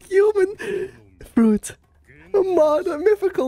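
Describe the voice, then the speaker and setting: Woman, reaction host, unhurried delivery, swooping lively pitch, giddy laughter, gushing exclamations. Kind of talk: anime reaction commentary.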